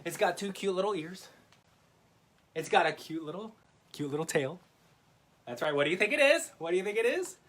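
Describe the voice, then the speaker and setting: A playful man hosting a kids' magic show, his voice bright and bouncing all over the place. He clowns around and teases himself while chatting directly with young viewers. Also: high voice, animated, brisk, pauses often, slight background noise. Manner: goofy, playful, self-mocking, addresses kids directly. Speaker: children's magician.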